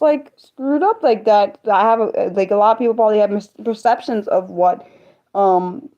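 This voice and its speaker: A young woman chatting casually on her own livestream, talking fast and rambling, breaking off and restarting her sentences. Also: lowish voice, warm tone. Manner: fast, rambling, self-interrupting talk. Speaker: livestream host sharing poetry. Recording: dull lo-fi sound.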